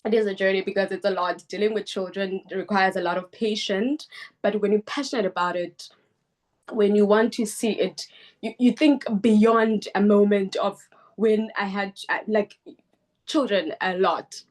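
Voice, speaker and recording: A woman on a video call, earnestly describing her book club work with many halting restarts. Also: medium pitch, steady tone, darkish tone. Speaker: book club founder speaking at a webinar. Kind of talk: online meeting talk.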